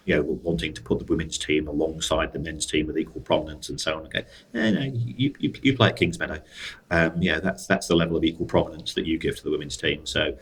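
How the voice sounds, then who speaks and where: Male co-host, deep voice, dry wit, casual finance explainer. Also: breathy edge, rough recording. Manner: dry, wry asides, frequent restarts. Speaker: co-host, football finance expert. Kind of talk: casual podcast discussion.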